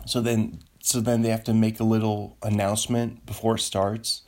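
A man hosting a solo podcast, rambling and excitable, joking around as he talks from his home studio. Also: on the low side, moderate pace. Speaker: podcast host.

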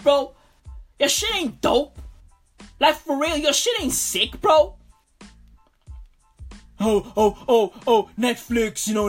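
A woman in a profane comic rant, full of slang, repeated lines and loud exasperated outbursts. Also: a little high, breathy edge. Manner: slangy, swearing, repeating itself. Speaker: ranting vlogger.

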